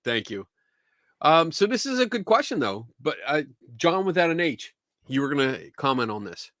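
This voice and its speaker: A man with a Philadelphia accent hosting a casual live show, chatty and quick to laugh and swear. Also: fairly high pitch, big pitch swings, a bit bright, no room sound, studio quality. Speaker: podcast host. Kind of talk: casual livestream chat.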